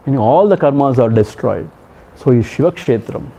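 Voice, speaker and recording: A man's voice: medium pitch, lively intonation, normal speed, creaky, dark tone. A man with an Indian accent gives a devotional discourse as a swami. He chants verses and repeats key phrases with emphasis, chuckling between points. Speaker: swami giving a spiritual discourse. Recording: dull lo-fi recording.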